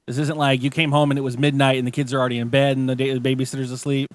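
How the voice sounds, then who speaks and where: A man's voice: medium pitch, level tone, rapid-fire, no echo. A man hosting a casual chat show, rambling and swearing as he retells a story. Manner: profane, rambling, lots of restarts. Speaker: podcast host.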